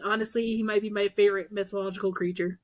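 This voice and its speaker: A woman's voice: mid-range voice, fast. A young woman co-hosting a podcast, casually retelling myths and acting out the characters' lines. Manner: animated, acts out characters' lines with swearing and laughs. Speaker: podcast co-host. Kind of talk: casual storytelling chat.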